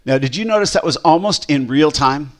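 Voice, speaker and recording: A man who pastors, casually walking through a software demo, rambling with fillers and restarts. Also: fairly high pitch, expressive, a little fast.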